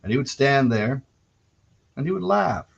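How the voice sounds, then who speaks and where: A man's voice: medium pitch, animated, measured pace, gravelly, slightly rough. A man from Canada hosting a solo podcast, telling rambling, digressive anecdotes with wry self-corrections. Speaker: podcast host. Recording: dull lo-fi recording.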